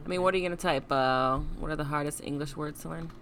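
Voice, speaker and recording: A woman's voice: low-pitched, fast, a bit bright, a little hiss or hum. A woman co-hosting a podcast in casual chat, dry and blunt, swearing freely. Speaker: podcast co-host.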